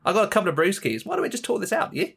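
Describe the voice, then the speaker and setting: A man putting on a brash tough-guy action hero in an exaggerated mock Australian accent, loud and jokey. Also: sits high, wildly swooping pitch, rapid-fire, creaky, husky, voice pushed up, exaggerated voice. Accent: mock Australian put on.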